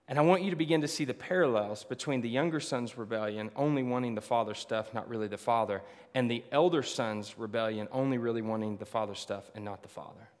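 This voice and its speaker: A man preaching a sermon to a congregation, swinging between loud emphatic lines and hushed ones. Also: medium pitch, fairly quick. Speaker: pastor. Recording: long hall reverb.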